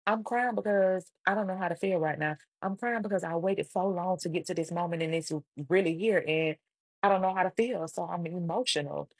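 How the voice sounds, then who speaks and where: Lowish husky woman with a gravelly edge, animated storytime vlog, dry close sound. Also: fairly quick, dry recording. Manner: animated, voices other people in quotes. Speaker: storytime vlogger. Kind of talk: casual storytime retelling.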